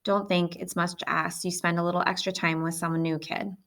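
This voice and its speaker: Lady voicing a firm coaxing mom, low-ish gravelly voice, storybook read. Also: flat delivery, brisk, a bit bright. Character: patient but firm middle-aged mother.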